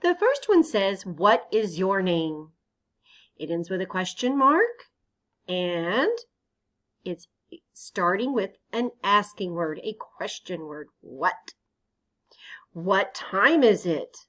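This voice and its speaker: A woman teacher walks young children through a lesson at a slow, careful pace. Her pitch rises and falls a lot as she asks them questions and then answers them herself. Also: big pitch swings, a bit bright. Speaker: elementary teacher.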